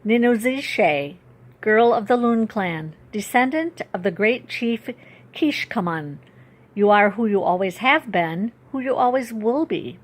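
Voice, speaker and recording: Fields: Figure: gentle wise old great-grandfather, read by a woman. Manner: soft, slow, thoughtful. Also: mid-range voice, lively intonation. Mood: gentle, reassuring. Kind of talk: storybook read-aloud.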